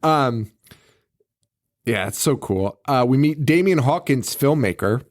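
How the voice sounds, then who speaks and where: A man's voice: medium pitch, lively intonation, unhurried. A man hosting a podcast in casual chat, rambling, swearing often and laughing a lot. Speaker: podcast host.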